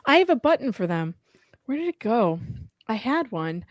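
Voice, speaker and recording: Female livestream co-host, playful and teasing, higher lively voice. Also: moderate pace, dry recording, studio quality. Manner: playful, joking, giggly. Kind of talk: casual livestream chat.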